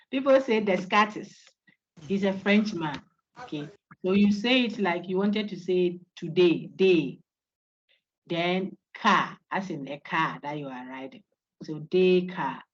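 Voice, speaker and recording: A woman's voice: fairly low pitch, fairly bright tone. A woman giving an online university philosophy lecture, coaching students to repeat names after her. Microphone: video call. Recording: dull lo-fi online call audio.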